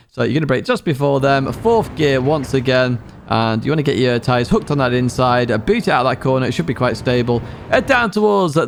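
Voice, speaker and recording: A man talks through a racing game lap by lap, upbeat and instructive with playful asides. His pitch rises and falls a lot, with a slightly raised tone. A faint hiss sits under the voice. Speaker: gaming channel host. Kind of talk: race guide commentary over gameplay.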